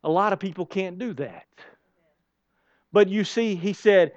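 A male preacher with a high voice delivers a sermon in church. He drifts between quiet, close talk and loud, emphatic bursts. The sound is dry and a bit dull and lo-fi. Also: a little slow, pauses often, dry recording. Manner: swings between soft and loud, emphatic storytelling. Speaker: pastor.

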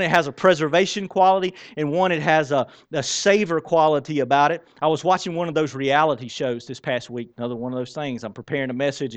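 Animated preacher, fairly high voice. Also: male voice. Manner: conversational, animated preaching with self-deprecating asides. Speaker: pastor. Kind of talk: sermon. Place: church sanctuary.

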